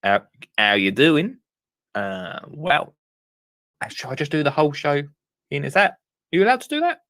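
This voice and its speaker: A man's voice: fairly high pitch, sing-song, normal speed, a bit bright, no room sound. Rambling, chuckling man hosting. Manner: rambling, chuckling, self-mocking. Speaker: host of a live gardening call-in show. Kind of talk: casual live show chat.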